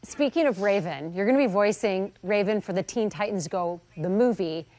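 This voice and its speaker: A woman's voice: medium pitch, moderate pace, dark tone, dry recording. A woman hosting a TV interview, upbeat and conversational. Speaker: TV interview host.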